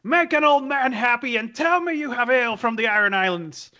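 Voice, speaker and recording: A man puts on a booming old sailor, loud and hearty, pitched up high with gusto. He bellows across the room in a bright, forceful tone, as a player in a tabletop game. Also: expressive, fairly quick, lo-fi sound, exaggerated voice. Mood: boisterous. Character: hearty old male sailor who loves ale.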